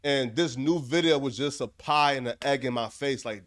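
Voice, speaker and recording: A man's voice: mid-range voice, normal speed, a bit bright. A man narrating commentary in an earnest, apologetic way.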